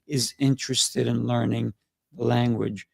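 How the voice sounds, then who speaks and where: A man with a gravelly, fry-edged voice talks easily as the host of a relaxed conversation, slipping in stories and asides. The sound is close and dry, with almost no room around it. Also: mid-range voice, measured pace, no room sound. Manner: chatty, storytelling with asides. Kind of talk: casual interview chat.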